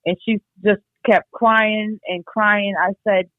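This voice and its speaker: A woman's voice: medium pitch, fairly even intonation, no echo. Blunt woman on a tinny phone line. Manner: blunt, swears freely, halting and reflective. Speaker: guest, host's sister. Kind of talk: candid personal account.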